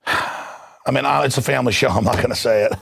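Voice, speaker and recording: A male talk show host delivering an angry, heated political rant, mocking and shouting at times. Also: medium pitch, steady tone, normal speed, vocal fry, slightly rough.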